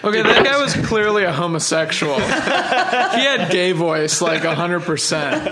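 Gravelly, playful male co-host. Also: high voice, moderate pace, very noisy. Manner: playful, joking. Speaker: podcast co-host. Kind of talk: casual chat.

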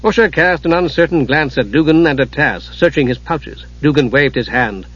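A man narrating a fantasy audiobook in a steady, dramatic storytelling manner. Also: fairly high pitch, normal speed, husky. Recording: dull lo-fi audiobook recording.

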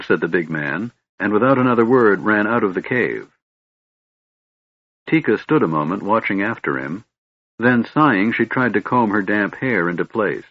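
A man narrating a fantasy audiobook in a steady, measured storytelling manner, with a husky voice. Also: lowish voice, dry recording, phone-quality sound. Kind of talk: scripted narration.

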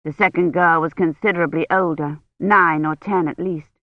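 A woman's voice: low-pitched, dry recording. Woman narrating an audiobook, dull lo-fi sound. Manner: measured, even storytelling. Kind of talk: scripted narration. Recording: dull, lo-fi, dry.

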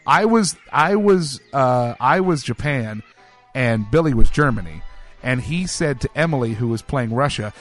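A man co-hosting a casual podcast chat. He tells stories with energy and swoops his pitch up high when he quotes people. Faint music plays beneath the talk. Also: unhurried. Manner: animated storyteller, jumps pitch for quoted voices. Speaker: podcast co-host.

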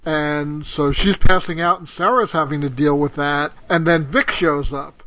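A man's voice: fairly high pitch, steady tone, unhurried, sharp tone, slight background noise. A man co-hosting a podcast in casual chat, recapping plot with easygoing amusement. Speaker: podcast co-host. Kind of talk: casual chat, TV episode discussion.

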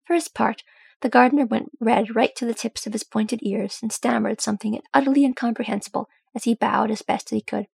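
Gravelly-voiced woman reading a story. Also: on the high side, a little fast, darkish tone, dry recording. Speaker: audiobook reader. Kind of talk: storybook narration.

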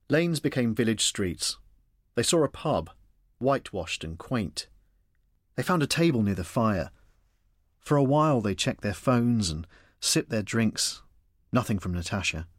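A man reading a novel aloud as an audiobook narrator, expressive and shifting his voice for the dialogue. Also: lowish voice, unhurried, long pauses, no room sound, studio quality.

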